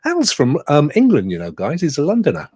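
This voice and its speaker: A man's voice: a little high, huge pitch swings, fairly quick, dark tone, slightly rough, no echo, clean studio sound. A man hosting a casual online talk show, chatty and greeting the live chat viewers by name. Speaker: host.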